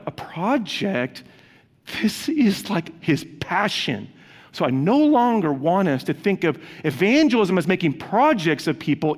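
A male pastor delivers a sermon with an earnest, conversational warmth toward his congregation. His voice sits on the higher side for a man. The recording carries the long reverb of a large church sanctuary. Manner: earnest, conversational preaching, addresses the congregation directly.

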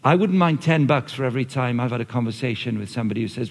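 A man preaching a lively, conversational sermon, often acting out what people say. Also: mid-range voice, quick pace, hardly any pauses. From Australia or Britain, not the audience's country. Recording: long reverb of a large hall.

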